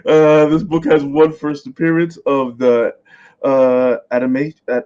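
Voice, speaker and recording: A man's voice: mid-range voice, flat delivery, unhurried, a little mellow. A man presenting a comics segment on a casual podcast, tripping over names and laughing often. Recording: slightly muffled lo-fi mic.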